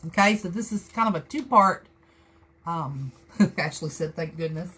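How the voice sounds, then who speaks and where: A woman's voice: fairly low pitch, lively intonation, normal speed, sharp tone, slightly rough. A woman with a Southern US accent chatting her way through a live crafting tutorial, rambling and folksy as she talks to her viewers. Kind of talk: casual how-to chat.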